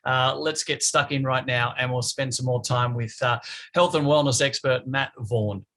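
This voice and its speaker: A man hosts a casual podcast interview. He talks in a friendly, matey way, full of fillers and restarts, at an ordinary middle pitch. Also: steady tone, moderate pace. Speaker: podcast host.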